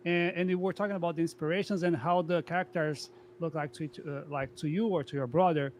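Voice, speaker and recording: A man in casual podcast chat, asking a rambling, halting question. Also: a little high, steady tone, a little hiss or hum. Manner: halting, loses track of his question.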